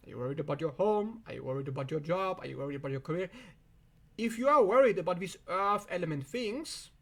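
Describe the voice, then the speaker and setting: Non-native english guy ranting self-help at the camera, high voice jumping all over, swears a lot. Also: fast talker, creaky. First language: not English. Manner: emphatic, profane, animated. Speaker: self-help video host. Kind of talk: direct-to-camera monologue.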